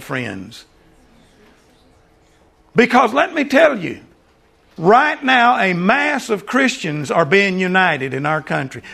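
An older man preaching a sermon and then praying, earnest, often calling the listeners "friends" and dropping into soft asides. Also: sits high. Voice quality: gravelly. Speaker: lay preacher. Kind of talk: sermon and prayer.

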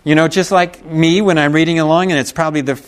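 Folksy preacher, fairly high voice. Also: male voice, fairly even intonation, fast talker, clean tone. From Texas. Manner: storytelling, folksy, with chuckles and asides to the congregation. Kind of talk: sermon.

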